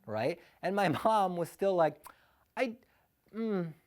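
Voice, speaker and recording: A man telling a personal story live, animated, often laughing and acting out the quotes. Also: sits high, a little slow.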